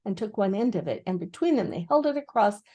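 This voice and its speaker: An older woman, a grandmother, reading a children's book aloud with expressive storytelling. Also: medium pitch, quick pace.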